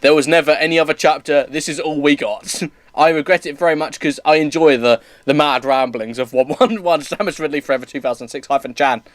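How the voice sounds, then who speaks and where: A man's voice: fairly high pitch, a little fast, no room sound. A man reading bad fan fiction aloud for laughs, often breaking into laughter and tripping over words. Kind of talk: comedic dramatic reading with commentary.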